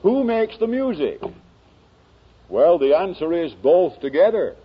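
A man preaching a sermon in slow, dramatic oratory that builds to emphatic peaks. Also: fairly high pitch, sing-song, muffled recording, slight background noise.

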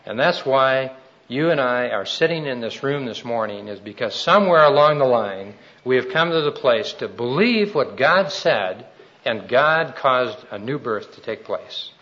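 A man's voice: mid-range voice, animated, measured pace, fairly bright tone, dull audio. A man preaching a sermon and telling his own testimony in an earnest, folksy storytelling way.

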